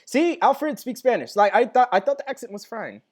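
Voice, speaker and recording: A young man hosting a live stream, chatting casually and reading viewer comments aloud with lively enthusiasm. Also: very high-pitched, fairly quick. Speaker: live-stream host reacting to a TV finale.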